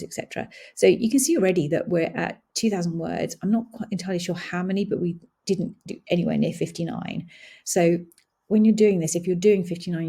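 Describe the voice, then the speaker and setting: Gravelly low woman thinking aloud. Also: dark tone. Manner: thinks aloud, casual, hesitant with many fillers. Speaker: blogging tutorial host. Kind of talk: screen-share software walkthrough.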